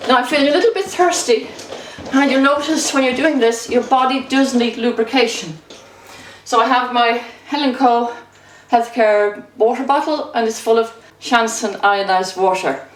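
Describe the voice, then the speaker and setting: A woman's voice: a little high, background noise. Cheery woman fitness instructor, bit breathless from bouncing, echoey room, mic kinda far off. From Ireland. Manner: upbeat, encouraging, talks while bouncing. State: slightly out of breath. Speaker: exercise instructor. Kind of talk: exercise demonstration. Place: indoors at home.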